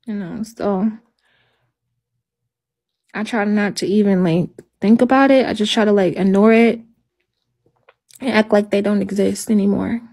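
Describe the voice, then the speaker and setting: A woman talking on a livestream in halting, repetitive speech, sounding hopeless and stressed. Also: mid-range voice, fairly even intonation, dark tone. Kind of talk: emotional livestream talk.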